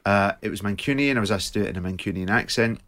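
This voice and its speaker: A man's voice: on the low side, very fast, a bit bright, dry recording. A man with a Glaswegian Scottish accent, a guest actor on a studio radio interview, telling stories in a chatty way with fillers. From Scotland, Glasgow. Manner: chatty storytelling with laughs and fillers.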